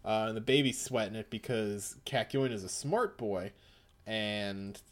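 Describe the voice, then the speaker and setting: A man's voice: on the low side, lively intonation, a little slow. A man co-hosting a podcast, casually recapping a comic, joking and acting out lines. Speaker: podcast co-host.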